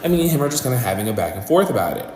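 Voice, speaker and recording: Animated man telling a storytime. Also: medium pitch, rapid-fire. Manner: animated, dramatic retelling that acts out quotes. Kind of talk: casual storytime commentary. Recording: echoey reverberant room with faint noise.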